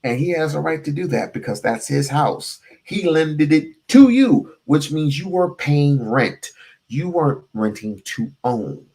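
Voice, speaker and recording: This is a man with a higher-than-usual voice, giving casual stream commentary. His pitch and loudness swing widely as he drives his points home. He talks straight to his audience, swearing and throwing out rhetorical questions. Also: unhurried, creaky, breathy edge. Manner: animated and emphatic, cursing, with big swings in pitch and loudness. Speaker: host reacting to a clip.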